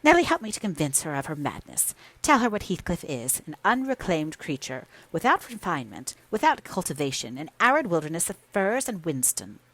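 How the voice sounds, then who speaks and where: A woman's voice: low-pitched, big pitch swings, a little fast, hardly any pauses, a bit bright, no echo, heavily acted. A woman doing a scornful, proud young mistress. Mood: scornful, emphatic. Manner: scornful, emphatic. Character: proud, sharp-tongued young mistress of the house.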